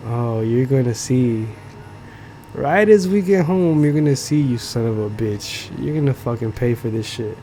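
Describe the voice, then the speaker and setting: A man voicing an angry mother who scolds her son in a low, seething voice. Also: animated, normal speed, mellow, a little hiss or hum, natural voice. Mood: menacing.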